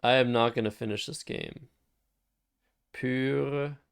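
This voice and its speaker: A man's voice: medium pitch, takes it slowly, creaky, a bit bright, smooth, no room sound, studio quality. A man casually thinking aloud while playing word games on a live stream. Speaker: streamer and Scrabble player.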